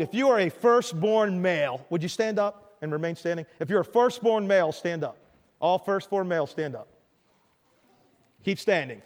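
An older male pastor telling a story in a sermon, repeating words as he restarts phrases. His raised voice carries with long reverb through a big hall. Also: high-pitched.

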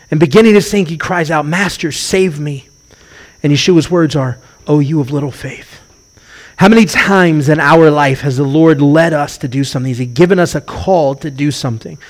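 Middle-aged male rabbi preaching, somewhat high-pitched, lively and animated delivery. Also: a little fast. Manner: animated storytelling, acts out quoted voices. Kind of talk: sermon.

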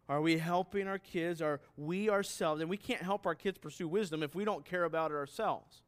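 A man's voice: on the high side, brisk, few pauses. A man preaching a sermon as pastor, emphatic and putting questions straight to his listeners.

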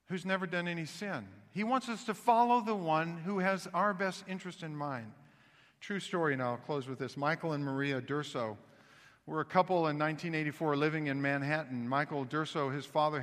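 A man from the American South with a Southern accent, preaching a sermon as pastor and telling a story with animated restarts. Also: a little high, long reverb tail. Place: church sanctuary.

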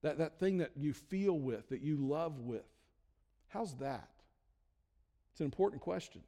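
Casting: man, pastor, slightly high voice, chatty self-deprecating sermon, reverberant church hall. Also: animated, unhurried, dark tone. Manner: conversational, self-deprecating humor, frequent restarts.

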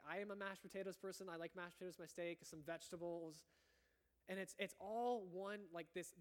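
Young guy pastor, kinda high voice, casual rambly sermon. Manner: casual, chatty and self-correcting.

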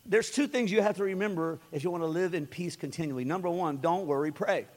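A man's voice: high voice, quick pace, a little mellow. A man preaching a sermon as a pastor, talking conversationally and repeating key phrases for emphasis. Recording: long hall reverb.

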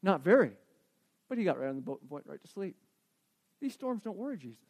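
A man preaching a sermon, asking the congregation questions and swinging between emphatic declarations and quiet reflection. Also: sits high, big pitch swings, brisk.

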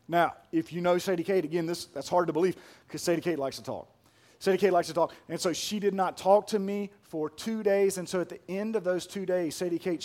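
Emphatic high-voiced preacher. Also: male voice. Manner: emphatic preaching, growing soft and hushed when telling a personal story. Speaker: pastor. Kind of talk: sermon.

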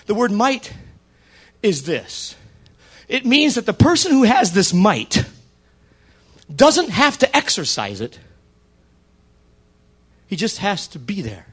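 A man in his fifties preaching a sermon, telling stories and building up to shouted praise. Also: high voice, breathy edge.

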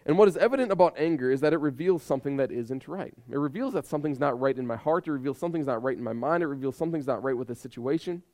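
A man's voice: mid-range voice, racing, hardly any pauses, a little mellow. A man in his thirties preaching a sermon with emphatic repetition and rhetorical questions. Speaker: pastor.

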